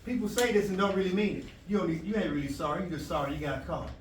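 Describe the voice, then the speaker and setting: A man's voice: high voice, fast. A man, a language arts teacher, giving an emphatic motivational talk to students, acting out quoted exchanges and playing with rhymes. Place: school presentation room. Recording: echoey room from far off, with noise.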